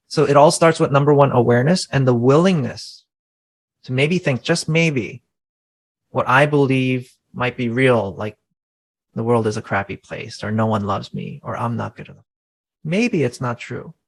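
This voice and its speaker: A man in his thirties speaks as a guest in a relaxed interview, and his voice sits mid-range with a steady gravelly rasp. He talks earnestly and reflectively, often tossing in a "right?" to check in. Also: mid-range voice, poor audio. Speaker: guest coach. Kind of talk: conversational interview.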